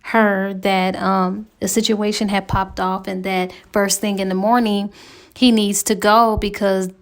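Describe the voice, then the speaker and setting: A woman's voice: medium pitch, level tone, unhurried. A woman giving a chatty, slangy spoken recap of a novel's plot as a book reviewer.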